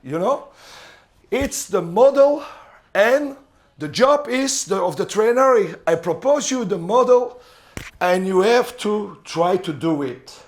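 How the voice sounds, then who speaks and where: Man, middle-aged, french accent, high voice, coach's lecture, halting, lots of fillers. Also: animated. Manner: halting, searches for words, frequent fillers. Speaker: volleyball coach giving a seminar talk.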